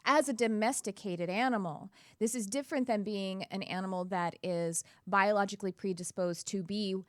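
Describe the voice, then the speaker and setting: A woman's voice: mid-range voice, moderate pace, no echo. Earnest woman host, dry sound. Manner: earnest, reflective, with frequent self-corrections. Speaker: podcast host. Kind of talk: casual conversation.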